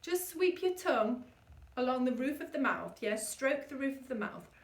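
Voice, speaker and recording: A woman voice coach leading an energetic vocal warm-up and demonstrating the exercises herself. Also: high-pitched, normal speed, echoey room, far from the mic.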